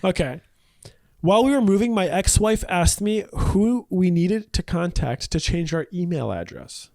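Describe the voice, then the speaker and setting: Brash high-voiced man, slight Russian accent. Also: lively intonation, measured pace, gravelly, darkish tone, dry recording. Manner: brash, profane, teasing. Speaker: podcast co-host. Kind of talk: casual chat.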